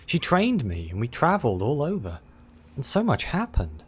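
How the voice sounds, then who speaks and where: A man's voice: medium pitch, wildly swooping pitch, moderate pace, husky. A man voicing an impulsive young woman paladin in a fantasy game, in a raised, earnest voice.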